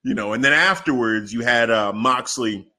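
A man co-hosting a podcast, telling stories in a loose, slangy, animated way. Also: medium pitch, moderate pace. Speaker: podcast co-host. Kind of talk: casual chat.

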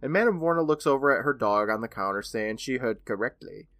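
A man's voice: mid-range voice, lively intonation, brisk, fairly bright tone, dry recording, clean studio sound. A man in his thirties co-hosting a podcast, eagerly retelling an episode in casual chat and laughing often. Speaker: podcast co-host.

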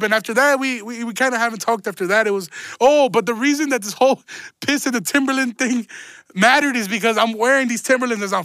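A young man with a high, bright voice hosts a podcast and tells a story in loose, slangy, profane talk, laughing as he goes. The sound is dry and close, with no room around it. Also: no room sound. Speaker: podcast host. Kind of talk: casual storytelling.

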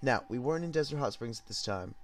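A young man from Southern California telling a casual story, loose and rambling, with plenty of swearing. He sounds high and unhurried, with soft music faintly under his voice. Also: animated. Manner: rambling, profane, laid-back. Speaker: podcast host.

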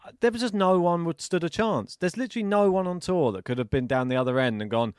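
A man co-hosting a podcast, chatting casually about tennis, animated and laughing often. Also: high voice, brisk, few pauses, clean tone, dry recording, studio quality. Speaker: podcast co-host.

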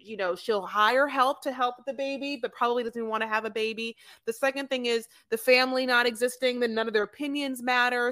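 A woman recaps a reality show on a podcast in loose, gossipy chat. Her voice sits a little high and rings bright. She swears freely and calls people "honey". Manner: gossipy, profane, sprinkles in "honey". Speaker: podcast co-host.

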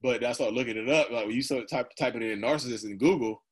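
A man's voice: mid-range voice, fast. A man in his thirties talking casually and candidly as an interview guest, rambling, laughing often and acting out his own remarks. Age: 30s. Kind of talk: candid personal conversation.

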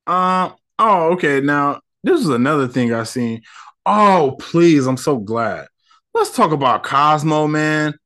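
Man, casual podcast host, slangy ranting, lively swinging pitch. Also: slow pace. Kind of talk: casual solo commentary.

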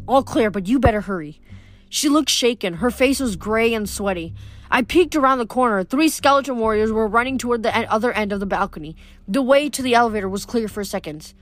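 A woman's voice: fairly high pitch, a bit bright. A woman reading a novel aloud in first person, often tripping over words and correcting herself. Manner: first-person narration with frequent stumbles and self-corrections. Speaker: audiobook reader.

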